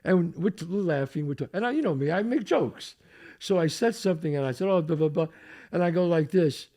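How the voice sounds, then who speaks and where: A man's voice: on the high side, a little fast. An older man hosting a podcast, telling a story in casual chat and acting out what everyone said, laughing often. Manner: animated storyteller, acts out quotes, laughs a lot. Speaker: podcast host.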